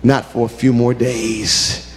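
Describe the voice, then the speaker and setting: A preacher voicing a calm, unhurried, tired male teacher in a low, relaxed voice. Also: natural voice.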